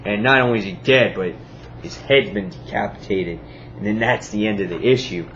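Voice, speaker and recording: A man's voice: on the low side, moderate pace, a bit bright, muffled recording, slight background noise. A man giving a casual comic book review, enthusiastic and rambling, full of fillers and acted-out quotes.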